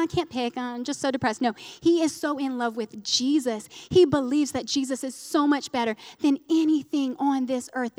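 A woman in her thirties preaches through a personal testimony, her voice pitched a little high. She talks earnestly and with feeling, stumbling and restarting as she holds back tears. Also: big-room sound. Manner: earnest, emotional storytelling with restarts. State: close to tears. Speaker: speaker at a church gathering.

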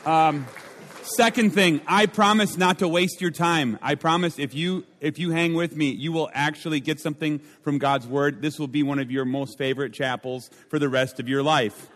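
A man's voice: steady tone, normal speed, fairly bright tone. Young guy preaching, joking w the crowd, big chapel echo. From Minnesota. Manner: joking, high-energy, audience banter. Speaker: chapel speaker. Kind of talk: comic sermon opener. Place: large chapel hall. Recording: long hall reverb.

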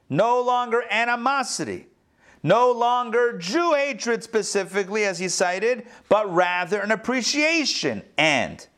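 Animated rabbi teaching a class. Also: male voice, high voice. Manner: animated, rhetorical questions to the class. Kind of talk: interactive lesson.

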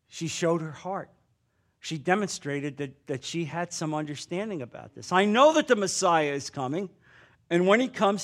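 A man preaching a sermon, fervent and emphatic, slowing down on key words. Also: fairly high pitch, a bit bright.

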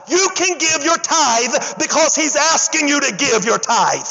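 High-voiced man preaching in a big hall. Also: a little slow, creaky, lo-fi sound. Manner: animated preaching, calls for audience response; acts out characters' lines in casual slang. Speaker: pastor. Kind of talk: sermon. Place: church.

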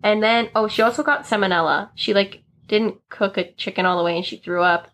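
Animated young woman recapping a movie. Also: mid-range voice. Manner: animated, acts out characters' lines in quick voices. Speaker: podcast guest. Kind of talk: casual chat, recapping a movie.

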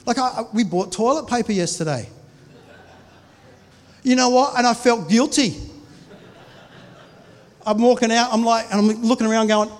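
A pastor in his forties preaches a sermon, telling stories in a conversational way and often restarting his sentences. His voice sits high for a man, and the sound rings with a long hall reverb. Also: normal speed, pauses often. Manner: conversational storytelling with many restarts.

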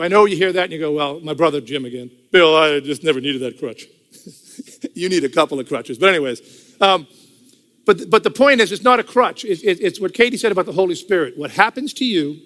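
An older man tells his testimony to a congregation, chatting through the story and driving points home by saying them again and again. His voice sits a little high and comes out bright and forceful. The sound rings with a long reverb, as in a large hall. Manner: conversational storytelling, repeats phrases for emphasis. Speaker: testimony speaker. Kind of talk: church testimony talk.

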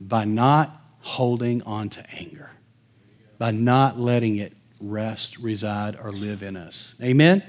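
A middle-aged male pastor preaching a sermon, telling a story and swinging from hushed, quiet lines to loud, emphatic ones. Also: fairly low pitch, slow.

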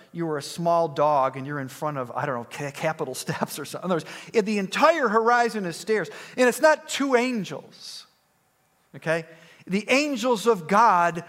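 A man's voice: high voice, fairly bright tone. A man preaching a sermon in an emphatic, conversational way, often restarting phrases.

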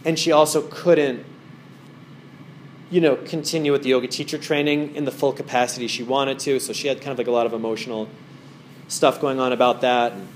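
A man's voice: medium pitch, steady tone, a little fast, slight background noise. Rambling casual male meditation teacher. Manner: rambling storyteller with many fillers. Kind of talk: casual talk to a small group. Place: wellness center room.

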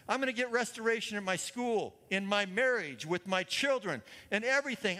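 A man preaching a sermon as a guest speaker, energetic and calling out to the congregation. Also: high voice. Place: church hall. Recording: church hall reverb.

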